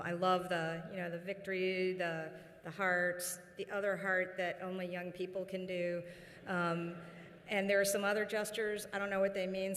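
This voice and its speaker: A woman giving a commencement address as university chancellor, telling a personal story with fillers and pauses. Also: lowish voice, a little hiss or hum. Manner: warm storytelling with frequent fillers. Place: large indoor ceremony hall. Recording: long reverb of a large ceremony hall.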